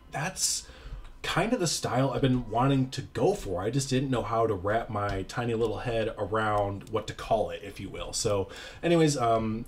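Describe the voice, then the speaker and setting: Rambling young man with a low voice. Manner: rambling, self-deprecating, with filler words. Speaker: YouTuber. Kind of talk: casual gameplay commentary.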